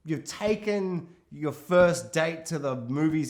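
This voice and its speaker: A man's voice: on the high side, animated, takes it slowly, few pauses, a little mellow. A man co-hosting a film podcast, talking casually and animatedly, swearing and acting out characters. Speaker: podcast co-host.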